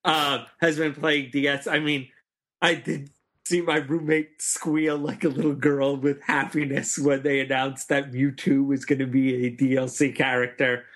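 A man hosting a podcast in a relaxed, easygoing way, with many hesitant pauses. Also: mid-range voice. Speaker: podcast host. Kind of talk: casual podcast chat.

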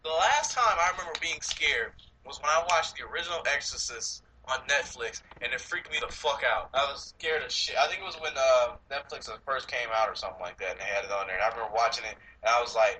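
A man's voice: medium pitch, fast talker, sharp tone, slight background noise, poor audio. A man co-hosting a podcast, chatting casually about movies, rambling, swearing and laughing often. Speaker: podcast co-host.

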